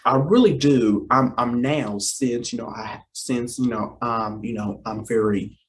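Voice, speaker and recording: Casting: young man in his twenties, unhurried delivery, playful rambling vlogger tone, keeps addressing the viewers. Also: medium pitch. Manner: rambling, repeats himself, often addresses "you guys"; playful, teasing then apologetic. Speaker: vlogger and talk show co-host. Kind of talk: casual talk to camera.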